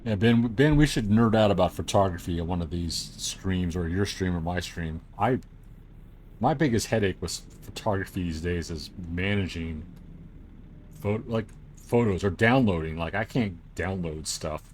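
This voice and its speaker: A man's voice: sits low, normal speed, a little mellow. A man hosting a game stream, chatting casually and rambling with lots of fillers. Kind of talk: casual chat while gaming. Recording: game engine noise behind.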